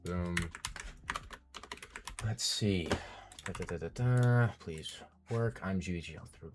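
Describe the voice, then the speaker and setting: A man's voice: deep voice, slow, long pauses, music in the background. A man live-streaming his coding, thinking aloud as he works, muttering code names and getting frustrated at bugs.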